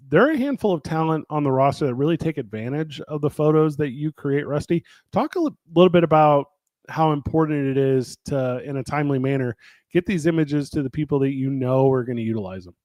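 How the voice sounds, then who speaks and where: A man in an easygoing hosted chat, winding through his thoughts with frequent fillers and self-corrections. His voice sits at an everyday middle pitch, recorded close and dry with no room sound. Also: a little mellow, dry recording. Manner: rambling, many fillers and restarts. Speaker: wrestling promotion host. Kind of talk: casual chat.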